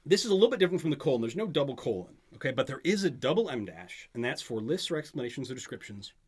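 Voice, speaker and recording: A man's voice: medium pitch, sing-song, racing, breathy edge. A man tutoring a student in grammar in a casual back-and-forth, often checking that she follows. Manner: patient, checks for understanding often. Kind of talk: conversational tutoring session.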